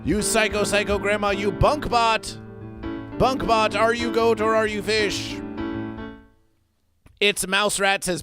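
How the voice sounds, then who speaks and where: A man's voice: sits high, normal speed, a bit bright, clean tone. A man hosting an absurdist comedy livestream, chanting and repeating himself as he reads out chat. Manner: chanting, repetitive, sing-song announcing. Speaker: livestream host. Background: music.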